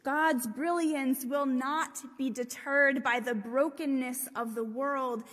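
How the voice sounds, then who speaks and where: A woman preaching a sermon, telling a story in a slow, gentle way and dropping to a hush at times. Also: sits high, steady tone. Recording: long reverb of a large hall.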